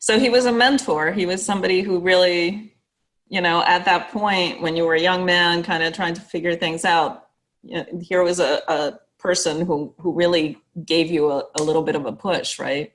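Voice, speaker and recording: A woman with Cuban roots interviews her guest in an encouraging, conversational way. Her voice sits a little low, and she fills her sentences with easy "you know"s. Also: quick pace, fairly bright tone. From Cuba. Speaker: interviewer, editor.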